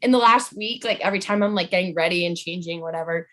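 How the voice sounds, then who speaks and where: A woman's voice: fairly low pitch, fast, a bit bright. A young adult woman chatting as a podcast guest, playful and full of fillers like "like" and "um". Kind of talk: casual podcast chat.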